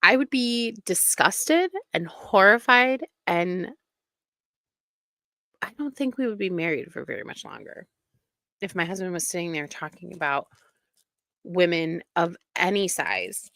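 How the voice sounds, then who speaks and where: Woman, commentary host, casual and indignant, unhurried delivery, dry close sound. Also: fairly low pitch, expressive, sharp tone, no echo. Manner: indignant, emphatic.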